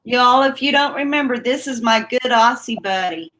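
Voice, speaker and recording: With a slightly high, somewhat bright voice at normal speed, a woman chats with viewers during a casual live stream. Laughter comes often, and she drawls her words.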